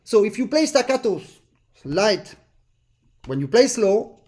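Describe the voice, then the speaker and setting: A man's voice: high-pitched, very animated, a little slow, a little mellow. A man teaches an accordion master class over a video call, explaining patiently and singing rhythms in syllables. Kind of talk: online master class instruction.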